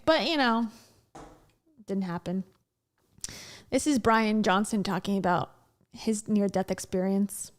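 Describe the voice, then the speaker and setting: A woman's voice: mid-range voice, a little slow, pauses often. A woman hosting a reaction video, talking in a blunt, mocking, casual way. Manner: mocking, blunt, laughs between remarks. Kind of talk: casual sarcastic commentary.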